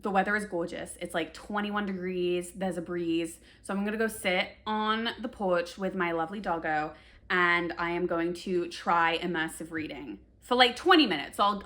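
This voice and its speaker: Bright-voiced woman chatting about books. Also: on the low side, normal speed. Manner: chatty, lots of "like" fillers, dramatic about books. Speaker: book vlogger. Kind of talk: casual chat to camera.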